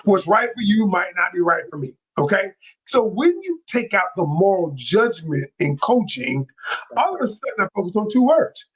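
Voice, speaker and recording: Animated, husky-voiced male coach. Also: sits high, normal speed. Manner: animated and excitable; colloquial, with many restarts. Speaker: relationship coach. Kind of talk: interview guest.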